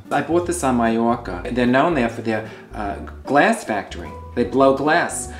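A man's voice: medium pitch, lively intonation, normal speed, few pauses, soft background music. Campy theatrical man in an echoey kitchen. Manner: campy and theatrical, with exasperated swearing asides. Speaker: comedy host. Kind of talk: comedic tea-making demonstration. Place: home kitchen.

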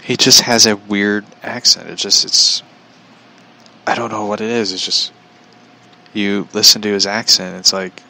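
A man's voice: fairly low pitch, steady tone, unhurried, vocal fry, bright, forceful tone, rough recording. A man chatting casually on his vlog, rambling with frequent chuckles. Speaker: vlogger. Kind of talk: casual chat.

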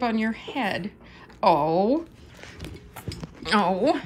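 A woman's voice: medium pitch, expressive, slow, long pauses. A woman filming her cat at home, cooing and giggling in doting baby talk. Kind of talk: casual home video chat.

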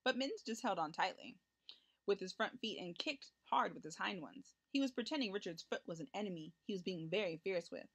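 A woman reading a children's picture book aloud, with expressive, lively storytelling for young listeners. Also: mid-range voice, a little fast. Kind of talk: children's read-aloud narration.

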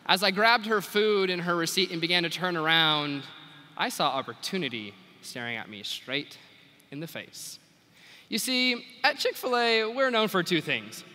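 A young man telling a story in a keynote speech, lively and animated, sometimes acting out the people in it. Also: high voice, moderate pace. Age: young adult. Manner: animated, quotes people in acted voices. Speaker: FFA national officer giving retiring address. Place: large convention arena. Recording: long arena reverb.

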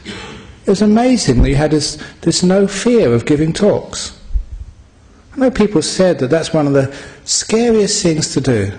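A man from England giving a relaxed Buddhist talk to an audience, full of jokes and chuckles. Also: on the high side, a little slow. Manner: relaxed, joking, chuckling teller. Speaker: Buddhist teacher.

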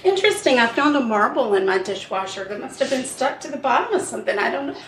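A woman co-hosting a podcast while baking in her home kitchen, chatty and quick to react. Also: a little high, big pitch swings, a bit bright. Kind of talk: casual chat while baking. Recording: echoey kitchen, faint noise.

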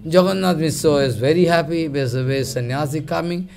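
Animated man telling a devotional story. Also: a little high, gravelly. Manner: animated, halting broken English, many fillers. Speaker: spiritual teacher.

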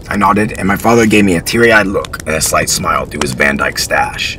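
A man reading historical fiction aloud in an expressive storytelling style. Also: low-pitched, a little fast, hardly any pauses, a little hiss or hum, rough recording.

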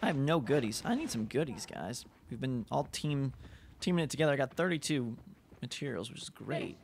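A young man giving chatty, excitable live commentary while playing a multiplayer game. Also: medium pitch, brisk, gravelly, slight background noise. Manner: excitable, chatty, reacts loudly to the action. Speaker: gaming YouTuber.

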